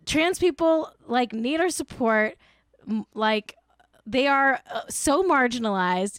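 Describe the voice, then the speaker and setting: A woman's voice: mid-range voice, normal speed, no echo, studio quality. A young woman hosting a casual commentary show, ranting bluntly with lots of swearing and exasperation. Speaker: podcast host.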